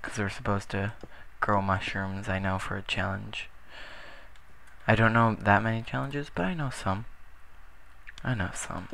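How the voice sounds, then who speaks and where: A man's voice: on the low side, measured pace, creaky, long pauses, bright, forceful tone, a little hiss or hum. A young man casually commentating his gameplay, rambling with self-deprecating jokes. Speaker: gaming channel host. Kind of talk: casual Let's Play commentary.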